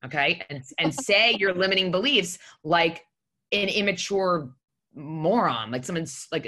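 A woman's voice: deep voice, lively intonation, moderate pace, a bit bright. A woman telling a personal story in casual conversation, blunt and emphatic, swearing freely and speaking from the heart. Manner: heartfelt, confessional.

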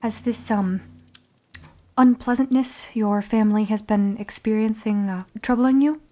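A woman voicing a courteous, gently probing male adventurer. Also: fairly high pitch, measured pace, lightly acted. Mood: concerned.

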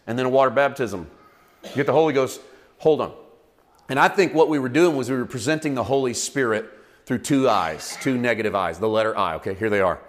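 Animated conversational male preacher. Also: mid-range voice. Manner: conversational, animated, with acted asides. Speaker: pastor. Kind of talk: sermon. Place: church.

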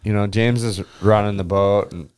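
A man's voice: lowish voice, steady tone, moderate pace, darkish tone, smooth. A young man telling a story in casual chat. He swears often, says "like" a lot and acts out his friends' lines. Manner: swears often, heavy use of "like".

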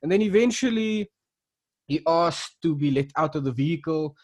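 A man's voice: a little high, animated, normal speed, a little mellow. A man from South Africa co-hosting a casual podcast, retelling events with lots of restarts and fillers. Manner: rambling, many restarts and fillers. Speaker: podcast co-host.

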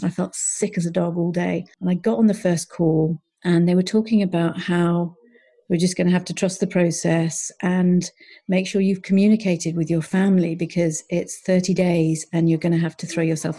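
Middle-aged female coach, podcast guest; low, mellow, earnest storyteller. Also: steady tone, moderate pace. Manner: earnest, reflective, often quotes her own thoughts. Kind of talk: personal storytelling.

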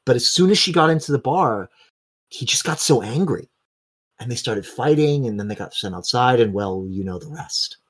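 A man's voice: medium pitch, lively intonation, moderate pace, slightly rough. A man running a tabletop game as game master, narrating scenes in long, vivid run-on descriptions.

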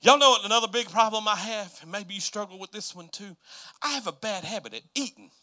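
A man's voice: high voice, fast, sharp tone. A middle-aged pastor preaching a folksy, self-deprecating sermon, asking his congregation questions. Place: church sanctuary.

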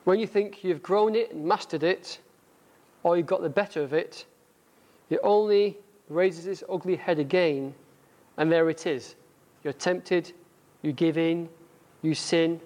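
Brief: middle-aged northern English man, slightly higher pitch, chatty self-deprecating church talk with a book reading. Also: unhurried, pauses often, a little mellow. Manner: conversational, self-deprecating, reads aloud. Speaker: church speaker.

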